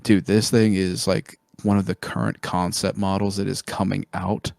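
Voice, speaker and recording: A man's voice: deep voice, little pitch movement, moderate pace, vocal fry, a little mellow, no room sound. A man co-hosting a podcast, chatting casually and enthusiastically about cars, swearing freely as he rambles. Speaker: podcast co-host. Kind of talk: casual chat.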